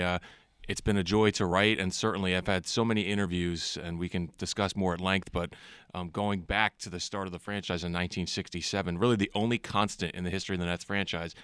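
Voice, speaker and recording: A young male author from New Jersey, answering interview questions in an earnest, measured way with some hesitation. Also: sits low, fairly even intonation, a bit bright, smooth, no echo, studio quality. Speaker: author and guest.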